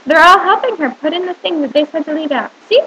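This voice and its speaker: A woman teacher reading a picture book aloud to young children, with animated storytelling and questions to the listener. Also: extremely high pitch, quick pace, a little hiss or hum, poor audio.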